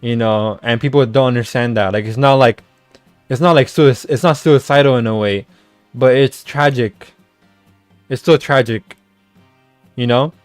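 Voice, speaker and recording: A man's voice: medium pitch, normal speed, pauses often, no echo, soft background music. Rambling young-sounding man ranting. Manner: rambling, stammering restarts, casual swearing. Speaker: streamer. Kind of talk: casual rant.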